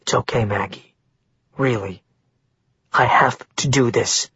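A man voicing a guarded young man, low and firm. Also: fairly even intonation, normal speed, creaky, a bit bright, slightly rough, dull audio, exaggerated voice. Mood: quiet.

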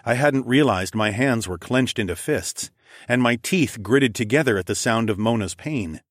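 A man narrating a fantasy novel in the first person, in a measured, steady storytelling manner. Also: medium pitch, no room sound, studio quality. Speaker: audiobook narrator.

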